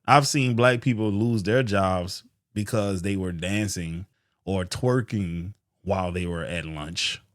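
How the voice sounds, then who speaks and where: Animated man ranting over a clip. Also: low-pitched, takes it slowly, no room sound, clean studio sound. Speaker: reaction video host. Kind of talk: casual commentary over a video.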